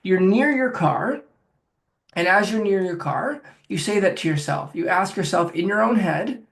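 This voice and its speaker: A man's voice: high-pitched, expressive, unhurried, gravelly, fairly bright tone. A man working as a phobia coach, talking the listener step by step through a guided self-help exercise. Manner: directive, coaching, talks viewer through steps.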